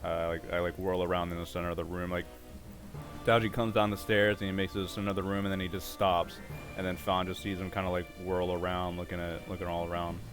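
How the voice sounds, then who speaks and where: A man's voice: low voice, little pitch movement, quick pace, music in the background. A man playing a tabletop game, describing his character's actions hesitantly with many fillers. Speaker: player.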